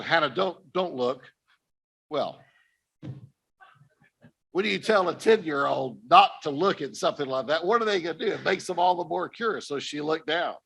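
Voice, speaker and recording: This older missionary speaker has a slightly high, fairly bright voice. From a conference stage he delivers an earnest personal testimony, addressing his listeners directly.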